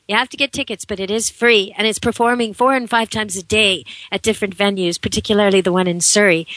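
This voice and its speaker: A middle-aged woman hosts a radio show, chatting in a lively storytelling manner. Her voice is bright and forward. The sound is dry and close, with no room around it. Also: medium pitch, no room sound, rough recording. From Canada. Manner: chatty, animated storytelling with laughs. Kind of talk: casual chat on air.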